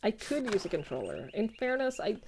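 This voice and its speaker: A woman's voice: mid-range voice, huge pitch swings, a little fast, a little mellow, a little hiss or hum. A woman streamer giving casual, chatty commentary while playing a video game and reading its text aloud.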